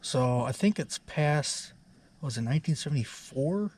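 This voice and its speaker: A man narrating his own truck repairs in a relaxed, rambling way with many fillers. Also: mid-range voice, normal speed. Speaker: DIY truck repair vlogger. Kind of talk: casual workshop narration.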